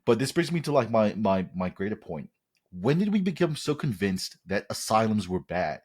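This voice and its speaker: A man co-hosting a podcast, talking forcefully and swearing in casual chat. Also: fairly low pitch, big pitch swings, normal speed, slightly rough. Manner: forceful, profane. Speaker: podcast host.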